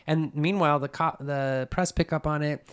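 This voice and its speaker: A man's voice: fairly high pitch, moderate pace, clean tone. A man hosting a podcast, casually retelling a true crime story and acting out the people in it. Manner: animated retelling with acted-out quotes.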